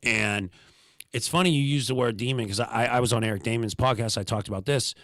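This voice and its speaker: Laid-back comedian swapping stories, dry mic. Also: male voice, medium pitch, fairly quick, a bit bright, no room sound. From Pittsburgh, USA. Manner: loose, laughing storyteller with slangy asides. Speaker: guest comedian. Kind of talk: casual podcast chat.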